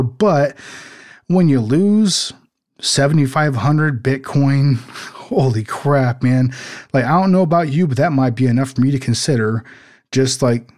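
A man's voice: mid-range voice, darkish tone. A man in casual podcast conversation, rambling with lots of "like" and "you know" and some swearing.

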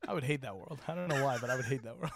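A man's voice: medium pitch, racing, gravelly, crowd noise. A man from California co-hosting a podcast, chatting casually, acting out imagined dialogue, swearing and laughing often. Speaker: podcast co-host. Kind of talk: casual chat.

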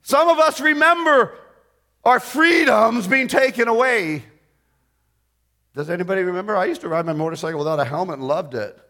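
High, bright-voiced older preacher. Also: male voice. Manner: swings from hushed prayer to loud, fast storytelling. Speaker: pastor. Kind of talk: sermon.

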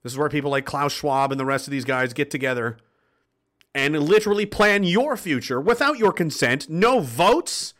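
A man's voice: a little high, expressive, normal speed, a bit bright. A man hosting a livestream, reading viewer comments and ranting in a blunt, swearing, impassioned way. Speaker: livestream host reading chat. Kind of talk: profane political rant to viewers.

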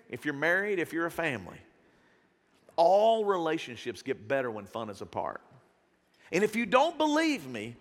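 A middle-aged man preaches with a folksy, animated delivery, and his voice rises high and swings widely. The tone is bright and ringing, with a long reverb from the church hall around him. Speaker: pastor. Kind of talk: lively sermon.

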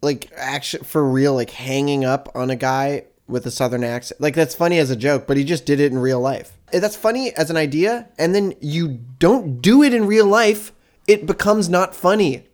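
A man co-hosting a comedy podcast with a slightly raised pitch. He riffs through jokes and deadpan asides in loose banter with his partner. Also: moderate pace. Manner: jokey, riffing, deadpan asides. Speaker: podcast co-host.

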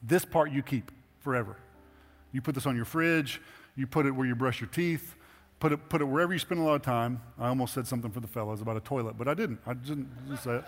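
A middle-aged pastor preaches a sermon in a church sanctuary, talking fast, conversationally and earnestly and building up to emphatic exhortations. His voice is medium-pitched, with slight background noise, hall reverb and faint music in the recording.

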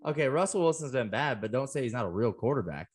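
A man's voice: mid-range voice, animated, quick pace, slightly rough. A man co-hosting a casual sports podcast, goofy and full of riffs. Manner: goofy, riffs with jokes and mock accents. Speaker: podcast co-host.

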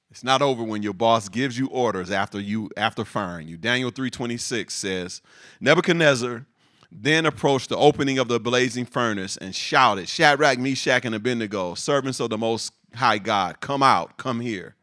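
Bright-voiced, animated male preacher. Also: medium pitch. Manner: animated, laughing asides, repeats words for emphasis. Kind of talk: sermon.

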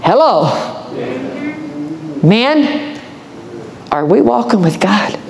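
A man's voice: high voice, sing-song, drawn-out words, vocal fry, a crowd in the background, low-quality recording. A man preaching a sermon as pastor, impassioned, folksy and repetitive.

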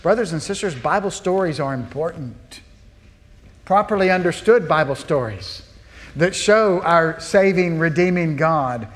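A man preaching a sermon as a pastor, earnest and throwing rhetorical questions to his listeners. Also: a little high. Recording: long reverb of a large hall.

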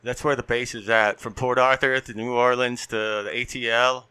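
A man's voice: medium pitch, flat delivery, moderate pace, sharp tone, smooth, dry recording. A man co-hosting a podcast in casual chat, laughing often and trailing off into restarts mid-story. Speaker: podcast co-host.

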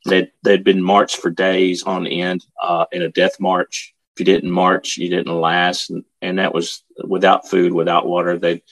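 Man, storyteller, earnest, emphatic, halting, deep voice, husky. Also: flat delivery, fairly bright tone. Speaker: speaker telling his father's war story. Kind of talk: storytelling talk.

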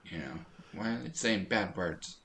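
A man co-hosting a podcast in casual chat, telling animated stories and laughing often. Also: sits low, moderate pace. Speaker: podcast co-host.

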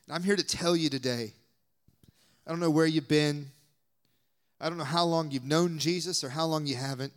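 A young man from the Southern US preaches with a Southern accent, pressing hard on his points in a slightly raised voice. He drops suddenly into hushed whispered asides. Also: fairly high pitch, moderate pace, long pauses. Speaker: guest preacher. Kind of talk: sermon.

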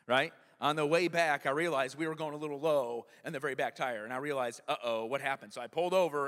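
A long hall reverb surrounds this male pastor's fairly high, slightly bright voice. He preaches in a conversational manner, frequently tagging his lines with "right?" to engage the congregation.

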